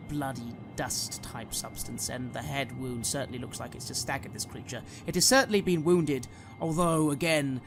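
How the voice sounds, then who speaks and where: A man narrating a tabletop horror game as game master, telling the story dramatically. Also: mid-range voice.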